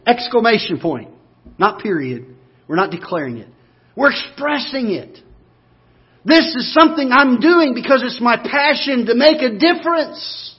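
A pastor preaching a sermon, moving from quiet, low talk up to loud, emphatic, repeated declarations. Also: male voice, very animated, a little slow, husky, highs cut off.

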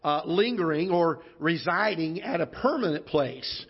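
A man preaching a sermon as pastor, unhurried and folksy with many fillers, slowing down to read scripture. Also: a little high, lively intonation, husky. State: occasional cough. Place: church auditorium. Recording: dull lo-fi church broadcast audio.

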